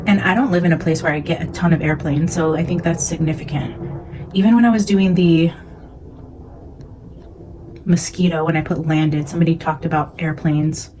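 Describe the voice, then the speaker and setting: A woman's voice: low voice, steady tone, moderate pace, pauses often, a little mellow, slight background noise, rough recording. A young woman, a psychic medium, talking casually and earnestly as she reads from her notes, rambling with many fillers.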